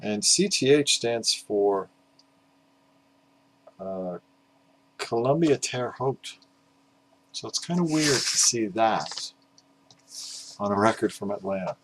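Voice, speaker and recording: A man's voice: on the low side, lively intonation, takes it slowly, long pauses, noisy background. A tired, middle-aged man rambling casually in a self-deprecating way, filled with "uh"s, while presenting records for his vinyl collecting video. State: exhausted, up at five in the morning.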